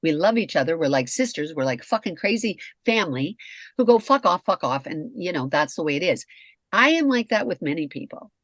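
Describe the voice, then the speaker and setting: A woman's voice: fairly low pitch, sing-song, a little fast, no room sound. A middle-aged woman co-hosting a talk show, speaking bluntly and candidly about relationships and swearing freely. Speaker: podcast co-host, communication expert. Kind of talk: candid casual conversation.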